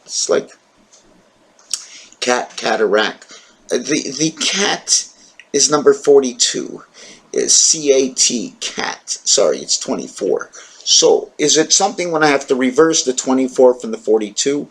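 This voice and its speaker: A man's voice: medium pitch, fairly bright tone, breathy edge, rough recording. A middle-aged man with a nasal, blocked-up voice, musing aloud in a wandering solo monologue to camera. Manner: wandering, musing, jumps between numbers, religion and jokes, talks to his cat. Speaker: solo video talker.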